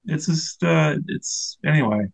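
A man's voice: a little high, lively intonation, unhurried, gravelly, low-quality recording. Earnest, reflective man in his forties. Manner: earnest and reflective, searching for words. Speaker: interview guest, mental health advocate. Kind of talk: personal storytelling in an interview.

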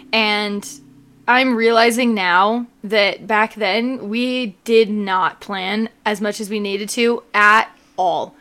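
A woman's voice: medium pitch, a bit bright. A young woman co-hosting a podcast, chatting casually with lots of fillers and laughter. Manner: giggly, rambling with fillers. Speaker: podcast co-host. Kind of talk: casual chat.

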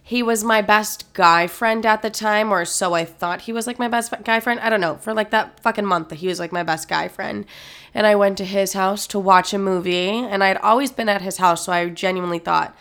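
A woman's voice: mid-range voice, brisk, fairly bright tone. A young woman hosting a podcast episode, telling a personal story candidly, with frequent swearing and many uses of "like". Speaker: podcast host.

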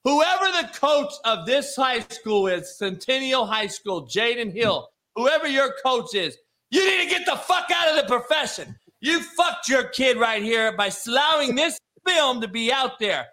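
A man giving a profane, exasperated rant while reviewing high school football film, swearing heavily and breaking into laughter. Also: expressive, a little slow. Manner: loud, exasperated ranting with bursts of laughter; heavy swearing. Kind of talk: profane casual commentary on recruit film.

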